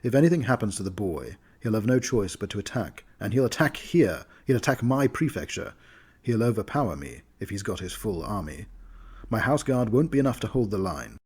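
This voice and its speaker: A man reading the part of a proud, angry Grand Duke in a fantasy game story, in a low, dark voice. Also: big pitch swings, fairly quick, slightly rough. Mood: grave. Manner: forceful, indignant.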